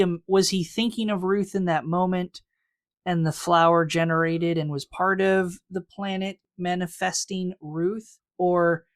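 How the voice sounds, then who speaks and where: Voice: medium pitch, no echo, studio quality. A podcast co-host in casual recap chat, laying out fan theories in an analytical, hedging way.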